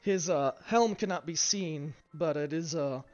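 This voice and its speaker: A man narrates a fantasy tabletop session as game master, halting over his words with frequent fillers and restarts. His voice sits fairly high for a man. The live stream sounds dull and lo-fi, with faint music underneath. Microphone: streaming mic.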